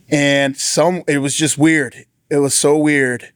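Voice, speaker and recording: A man, a former deputy, giving an earnest personal testimony in a casual storytelling way, with frequent restarts and raised-pitch impressions of the people he quotes. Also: level tone, slow pace, fairly bright tone, clear, resonant tone, no room sound, clean studio sound.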